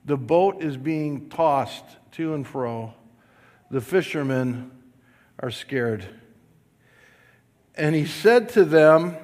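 Slow-preaching man in a reverberant hall. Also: a little high, expressive. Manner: slow, emphatic preaching, rising to loud calls for the congregation to repeat. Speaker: pastor. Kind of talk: sermon. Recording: long reverb of a large hall.

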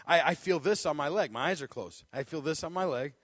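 A man's voice: a little high, brisk, no echo, studio quality. A man preaching as a guest speaker, telling a comic personal story with lots of laughter before turning to a sermon. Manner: animated storyteller, laughs often, acts out moments.

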